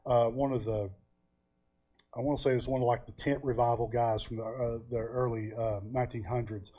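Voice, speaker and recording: A man's voice: medium pitch, level tone, brisk. A man preaching a conversational sermon, telling stories in a folksy way with frequent hesitations. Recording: dull lo-fi recording.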